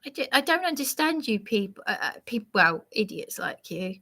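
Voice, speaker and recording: With big pitch swings and a sharp tone, a woman's mid-range voice carries a rambling live monologue; she preaches, sounds aggrieved, and answers a commenter in a slow, halting way.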